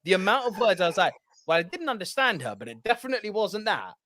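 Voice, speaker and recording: A posh English man co-hosting a podcast, his pitch sitting fairly high and swinging widely as he talks. He is theatrical and quick to laugh at himself. The sound is close and dry. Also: very animated, bright, forceful tone, no room sound. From Britain. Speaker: podcast co-host. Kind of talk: casual chat.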